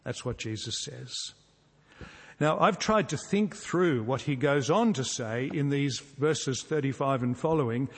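Earnest preacher in a reverberant hall. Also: male voice, medium pitch, expressive, a little slow, slightly rough. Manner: earnest, emphatic, with rhetorical repetition and sudden soft drops. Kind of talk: sermon. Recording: long reverb from a large hall.

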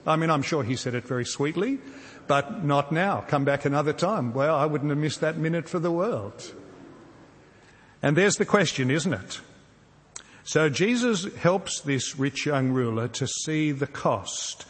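A man preaching a sermon, earnest and measured, often posing rhetorical questions to his congregation. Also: on the high side, big-room sound. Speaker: pastor.

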